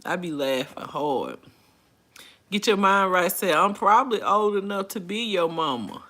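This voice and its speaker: A woman's voice: on the low side, lively intonation, unhurried, a bit bright. A woman in her forties hosting a casual livestream, reading viewer comments aloud and chatting in a folksy way with frequent laughter. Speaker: livestream host.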